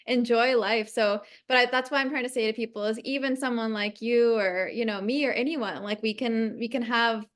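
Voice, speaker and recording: A woman's voice: on the high side, fairly even intonation, moderate pace, hardly any pauses. A woman representing a retreat, interviewing a guest in casual chat and speaking in an effusive, praising way.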